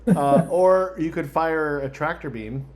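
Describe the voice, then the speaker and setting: A man running a tabletop role-playing game, easygoing and quick to laugh. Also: fairly high pitch, a loud crowd. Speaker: game master.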